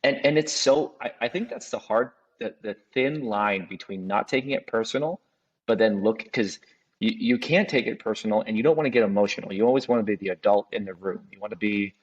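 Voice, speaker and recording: A man's voice: on the low side, fairly quick, dull audio. A man who runs a custom home building business, speaking reflectively in casual conversation and often restarting his sentences. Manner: reflective, restarts often, acts out clients' voices.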